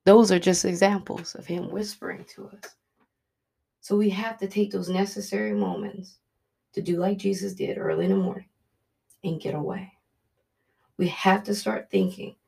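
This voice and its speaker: Brief: woman preacher, casual devotional teaching, mid-pitched, very creaky and gravelly. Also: expressive, normal speed, pauses often, mellow. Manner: earnest, repetitive, conversational preaching.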